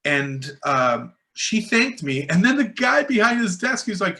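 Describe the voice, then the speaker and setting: Man, interview guest, rambling storyteller, fillers and restarts, bright tense tone. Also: sits high, big pitch swings, unhurried. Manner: acts out other people's lines in a raised voice. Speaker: guest filmmaker. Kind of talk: casual storytelling in a podcast interview.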